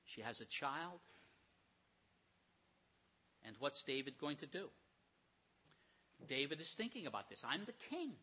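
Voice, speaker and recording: A man preaching a sermon, retelling scripture stories with animated storytelling and acted-out voices. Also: medium pitch, unhurried, long pauses. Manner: animated storytelling, acts out characters.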